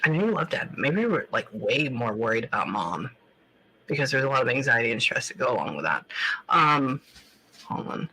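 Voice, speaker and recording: A woman giving a live psychic reading on a talk show, pausing often to say hold on and filling her talk with like and um. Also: extremely low pitch, sing-song, sharp tone, slightly rough, rough recording. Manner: halting, keeps pausing to say hold on; loose casual talk full of like and um. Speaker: psychic medium.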